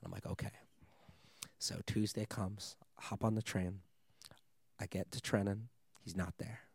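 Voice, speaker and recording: A young man, a DJ guest, telling a wild story in casual chat, animated and swearing often, laughing as he goes. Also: on the low side, measured pace, breathy edge, dry recording.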